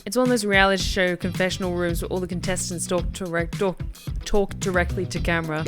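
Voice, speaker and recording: A young woman streamer reading a dating game aloud, chatty and animated. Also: on the low side, a little fast, hardly any pauses. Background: game music.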